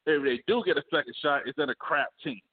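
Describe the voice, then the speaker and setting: High-voiced man, animated, slangy, laughing, sports debate, tinny phone-quality audio. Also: quick pace. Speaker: podcast co-host. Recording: phone-like remote call audio.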